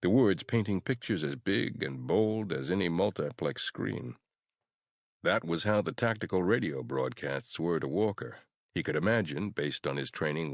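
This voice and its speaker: Sex: male. Role: audiobook narrator. Style: scripted horror narration, measured and even. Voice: very low and deep, dry and close to the mic. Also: no echo.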